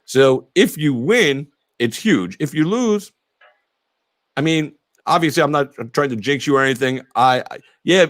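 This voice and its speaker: A man hosts a loose, casual interview, circling his points with fillers and restarts. He swears freely and breaks into laughter often. His voice is mid-pitched and sits dry and close on the mic. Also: lively intonation, normal speed, hardly any pauses, fairly bright tone, dry recording. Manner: rambling, profane, laughs a lot. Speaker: podcast host.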